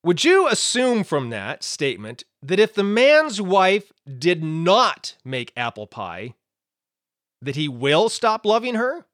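A Bible teacher with a high voice talks through a lesson in a relaxed, conversational way, swinging his pitch up and down with lots of life. He explains with everyday examples and keeps checking in with his listeners. The sound is dry and close, with no room echo. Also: slow.

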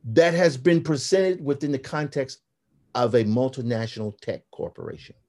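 Guesting on a casual podcast, this fifty-something graphic novelist acts out quotes as he tells lively stories. He speaks at a moderate pace in a mid-range voice.

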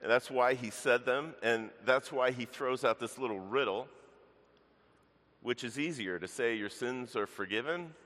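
A man's voice: mid-range voice, a little slow, a bit bright, long reverb tail. A man pastor preaching a sermon in earnest, addressing the congregation directly as church. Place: church sanctuary.

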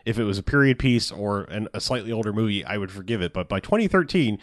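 A man's voice: fairly low pitch, lively intonation, fast, dry recording, clean studio sound. Rambling, profane man recapping a movie. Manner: rambling, profane, laughs often. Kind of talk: casual movie recap chat.

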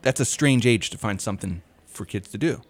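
Laughing, storytelling man with a low voice. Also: brisk. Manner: animated storyteller, laughs often. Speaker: podcast co-host. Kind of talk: casual chat.

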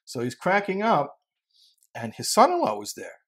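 A man giving a Torah sermon built around a told parable, animated, often stammering and repeating words. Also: high-pitched, moderate pace. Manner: laughs while telling. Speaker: Torah teacher.

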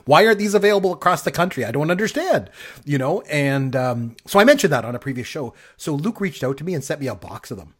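A middle-aged Canadian man co-hosting a podcast, chatting casually and telling rambling, excitable stories. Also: mid-range voice, brisk, husky. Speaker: podcast co-host. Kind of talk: casual chat.

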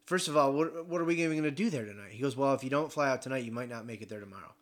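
A young man casually telling a travel story, animated, swearing and acting out the other people in it. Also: medium pitch, rapid-fire. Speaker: podcast regular telling a story.

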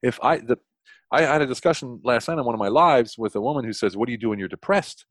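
Animated and a bit bright, this middle-aged man from the United States appears as a consultant guest on a podcast, recorded dry. He's fast and energetic in his storytelling, frequently starting sentences over and jumping high in pitch to stress points.

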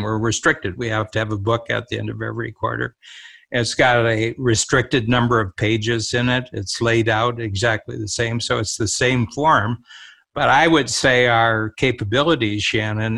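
Older man with gravelly voice. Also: mid-range voice, fairly bright tone. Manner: reflective, storytelling. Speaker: co-host. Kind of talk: casual conversation.

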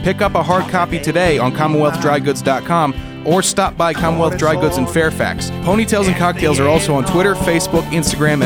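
Man reading a jaunty promo over music. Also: fairly high pitch. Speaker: ad announcer. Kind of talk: upbeat promo read. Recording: music bed under voice.

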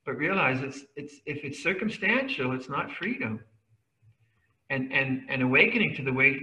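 A man's voice: mid-range voice, pushed and bright, echoey room, recorded from a distance, low-quality recording. A man giving a Dharma talk at a retreat, conversational and chuckling often, playfully mimicking voices to make his points. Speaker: Buddhist monk teaching a retreat.

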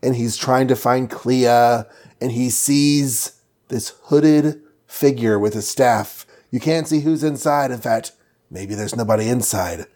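A man on a casual podcast, retelling a comic book plot in a jokey way and dropping into quick silly voices. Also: medium pitch, mellow.

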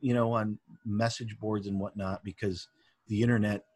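A man co-hosting a podcast, talking earnestly and haltingly in casual chat. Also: fairly low pitch, little pitch movement, a little mellow, husky, no echo. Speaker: podcast co-host.

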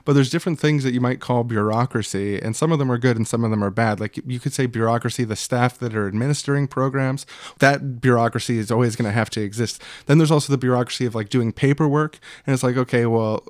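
A man's voice: mid-range voice, fast. A man with a mid-range voice debates politics in a casual, cutting tone, heavy on sarcasm and the odd swear word. The room is dry and close, with no echo.

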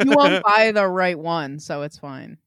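Lady cohost teasing her friends, deadpan jokes, dry sound. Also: on the low side, unhurried, no echo. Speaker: podcast co-host. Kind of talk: casual chat.

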